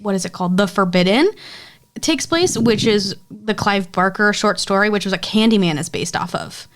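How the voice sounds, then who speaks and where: A woman's voice: medium pitch, normal speed. A woman co-hosting a podcast in casual chat, talking bluntly with strong opinions and plenty of swearing. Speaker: podcast co-host.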